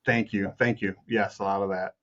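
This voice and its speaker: Animated storytelling man, dull lo-fi sound. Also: fairly low pitch, normal speed. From Chicago, USA. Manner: lively, acts out quotes, frequent restarts and laughs. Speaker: music producer and film composer, guest.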